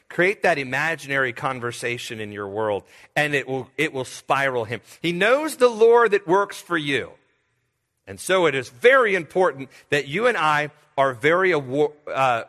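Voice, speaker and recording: A man's voice: a little high, long reverb tail. An older man preaching a sermon, telling folksy stories and acting out what others said. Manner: folksy and animated, telling stories with quoted voices. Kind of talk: sermon with personal storytelling.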